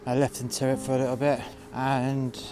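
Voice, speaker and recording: A man's voice: medium pitch, monotone, moderate pace, noisy background. A man narrating a workplace story in a blunt, sweary and sarcastic way, voicing the people in it. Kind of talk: storytelling monologue. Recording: music playing behind the voice.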